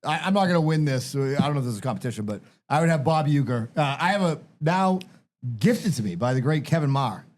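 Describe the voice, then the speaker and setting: A man co-hosting a podcast in casual chat, enthusiastic and quick to laugh and agree. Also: on the high side, lively intonation. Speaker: podcast co-host.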